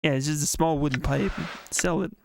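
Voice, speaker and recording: A man chatting casually while streaming a game, thinking out loud and reading the game text aloud. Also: a little high, fairly even intonation, a little fast, creaky, background noise. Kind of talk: casual let's-play commentary.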